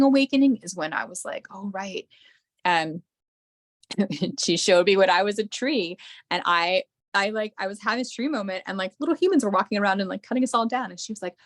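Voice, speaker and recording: A middle-aged woman from the United States, a podcast guest telling animated stories full of fillers and acted-out quotes. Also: mid-range voice, no echo, studio quality. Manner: animated, acts out quoted voices, many fillers. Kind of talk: storytelling in an interview.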